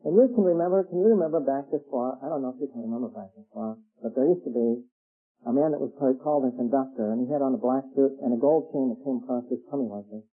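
Older preacher on tinny radio. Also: male voice, fairly even intonation, quick pace, husky. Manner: acts out characters with pitch jumps. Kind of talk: radio sermon with storytelling. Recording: tinny phone-like radio broadcast.

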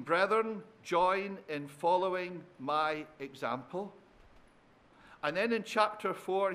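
A man's voice: high-pitched, fairly bright tone. A man preaching a sermon, repeating phrases for effect, asking the congregation tag questions and calling them his dear friends. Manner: addresses listeners as dear friends.

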